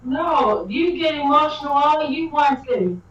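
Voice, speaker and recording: High-pitched woman host, effusive, repetitive; echoey, dull remote audio. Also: lively intonation, measured pace, a bit bright, distant mic. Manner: effusive, repeats "like" and phrases. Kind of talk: casual supportive chat.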